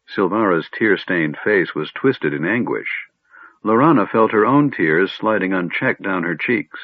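Male audiobook narrator, expressive, lively delivery, dry narrow recording. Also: deep voice, measured pace, no echo. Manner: expressive storytelling. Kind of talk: scripted narration. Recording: narrow phone-like sound, dry.

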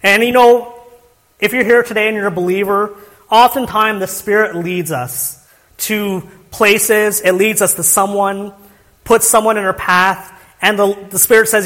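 A young man delivers an earnest sermon, asking his listeners rhetorical questions and often restarting his phrases. His voice sits high for a man. The sound carries a long reverb from a church hall. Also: steady tone, measured pace, fairly bright tone. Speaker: pastor.

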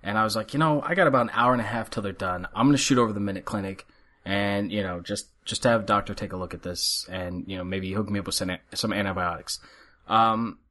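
A middle-aged man on a podcast tells a story with dry sarcasm, acting out both sides of the conversation in a casual chat. His lowish voice comes fast, pushed and bright. He's recorded with headphones and a studio mic.

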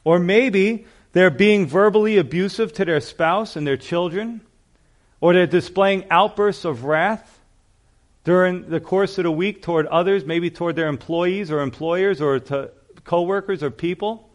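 A man's voice: high-pitched, unhurried. A male pastor preaching a sermon in a conversational, storytelling way, with frequent asides to the congregation.

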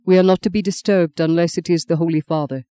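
A woman voicing a seventy-one-year-old male cardinal, formal and measured, whose speech breaks with grief. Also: on the low side, fairly even intonation, mellow, clean tone, dry recording, natural voice. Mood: formal, composed.

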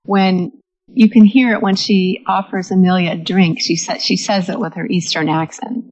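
A woman's voice: fairly low pitch, fairly even intonation, normal speed, a little mellow, dry recording. A woman in a casual chat, thoughtful and rambling with restarts. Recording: dull lo-fi sound.

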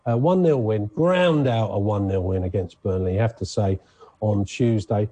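A man talks football on a morning radio show, chatty and rambling, restarting his sentences as he goes. His voice is mellow and slightly husky. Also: on the low side, moderate pace. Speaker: sports presenter. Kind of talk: casual radio sports chat.

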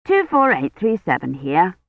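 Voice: mid-range voice, huge pitch swings, measured pace, gravelly, no room sound, full character voice. An audiobook reader voicing an impatient woman answering a business telephone in clipped phrases. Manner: clipped, exasperated. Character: impatient female telephone receptionist. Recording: slightly muffled dry studio read.

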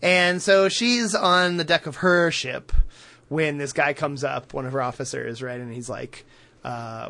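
This co-host's voice sits on the high side, sounding creaky and sharp as he speaks a little slowly. Retelling a cartoon episode in casual podcast chat, he laughs often, uses lots of fillers, and acts out quotes.

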